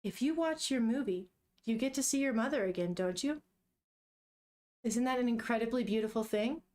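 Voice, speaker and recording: A woman reading aloud the lines of an ageless vampire girl in a soft, matter-of-fact way. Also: a little high, animated, normal speed, voice pushed down, natural voice. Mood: wistful.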